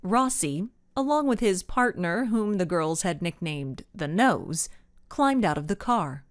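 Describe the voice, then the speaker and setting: A woman narrates a children's mystery story with expressive, storytelling delivery. Her pace is slow and unhurried while her pitch moves lively through each sentence. The recording is dry and close, with no room sound. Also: no room sound. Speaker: audiobook narrator. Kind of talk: scripted narration.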